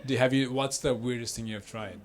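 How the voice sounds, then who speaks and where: A man's voice: medium pitch, fairly even intonation, fairly quick. A man doing stand-up crowd work, teasing audience members and laughing often. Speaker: stand-up comedian. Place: comedy venue stage. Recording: loud crowd in a live venue.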